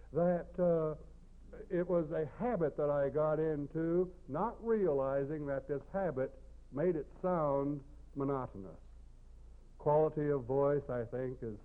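A man with a St. Louis accent, a speech instructor giving a measured, explanatory classroom lecture and showing pitch changes with his own voice. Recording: tinny lo-fi phone-like recording.

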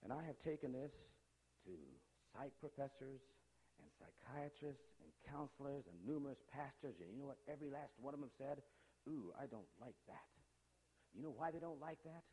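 A man's voice: mid-range voice, animated, a little fast, mellow, slightly rough, poor audio. A man giving an emphatic lecture to a live audience, firing off rhetorical questions in a conversational way. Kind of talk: animated lecture.

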